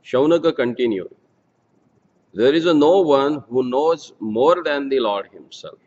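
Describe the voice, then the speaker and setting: A man reads scripture at an unhurried, deliberate pace, chanting each verse several times before translating it word by word. His voice sits at an ordinary middle pitch. The sound is muffled and lo-fi, with a long reverb trailing behind it. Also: expressive, darkish tone. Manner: slow, measured recitation, verses repeated several times. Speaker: scripture reader and speaker. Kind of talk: scripture reading with Sanskrit chanting.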